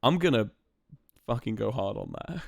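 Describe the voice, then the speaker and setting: A man's voice: fairly low pitch, lively intonation, normal speed, gravelly, dry recording, studio quality. A young man streaming live, chatting casually and playfully to his viewers with lots of fillers.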